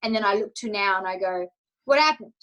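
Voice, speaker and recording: A woman's voice: mid-range voice, flat delivery, fast talker, a bit bright, dull audio. A woman coach telling her personal story in an interview, emotional and candid, acting out her own inner thoughts as she speaks. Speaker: confidence coach, interview guest.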